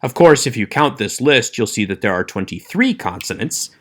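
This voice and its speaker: Measured male Hebrew lecturer. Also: medium pitch, very animated, fairly bright tone. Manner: clear, measured explanation with slowed demonstration of sounds. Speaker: Hebrew instructor. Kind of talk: recorded online lecture.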